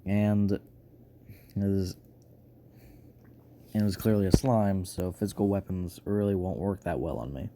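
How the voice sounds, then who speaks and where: A man's voice: low voice, background noise. A man voicing a laid-back young male slime hero who is cheeky and defiant, talking casually with lots of fillers. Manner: casual, halting, full of fillers.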